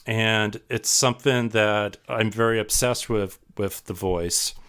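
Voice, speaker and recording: A man's voice: fairly low pitch, steady tone, slow, a bit bright, clean tone. A man guest on a podcast, telling a rambling, self-deprecating story with many fillers and restarts. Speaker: podcast guest, sound artist. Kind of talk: casual storytelling in a podcast interview.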